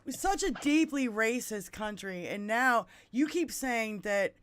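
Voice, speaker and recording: A woman hosting a podcast, talking in a blunt, loud, heavily swearing way, with her lips close to a musician's mic in a home studio. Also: a little high, expressive, unhurried. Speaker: podcast host. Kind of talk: casual political chat. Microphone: musician's mic held close.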